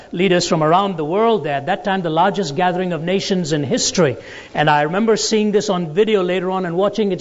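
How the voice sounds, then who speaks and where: Guy with a fairly high voice giving a lecture, storytelling vibe, dull lo-fi sound. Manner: deliberate, storytelling delivery. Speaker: Christian apologetics lecturer. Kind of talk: lecture with anecdotes and jokes. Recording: dull lo-fi recording in a large reverberant hall.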